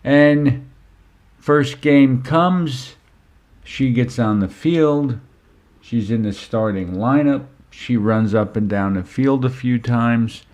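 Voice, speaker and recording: A middle-aged man telling a family story as a parenting speaker, conversational and unhurried, often saying "you know". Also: medium pitch, a little mellow. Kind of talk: storytelling talk.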